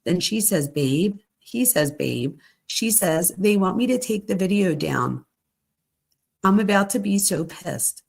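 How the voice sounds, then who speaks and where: A woman's voice: medium pitch, animated, unhurried, creaky, husky. A middle-aged woman hosting a true crime show, reading text messages aloud in a conversational way with casual asides. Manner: conversational, reads quoted messages plainly with asides.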